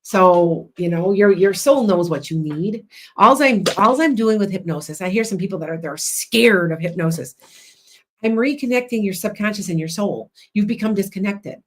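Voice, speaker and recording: A woman hosting a livestream as a psychic and hypnotist, chatting loudly and rambling with many restarts. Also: mid-range voice, expressive, moderate pace, a little hiss or hum.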